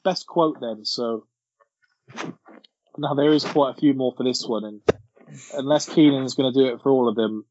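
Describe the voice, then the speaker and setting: A man's voice: mid-range voice, moderate pace, pauses often, a little mellow, no room sound, muffled recording. A man hosting a casual film podcast, steering through the categories and laughing often. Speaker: podcast host. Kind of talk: casual chat.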